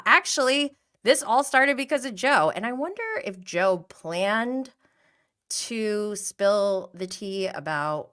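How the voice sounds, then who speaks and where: A woman in her thirties hosting a casual podcast about reality TV, chatty and animated, laughing often and greeting viewers in the live chat by name. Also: mid-range voice, clear, resonant tone. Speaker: podcast host.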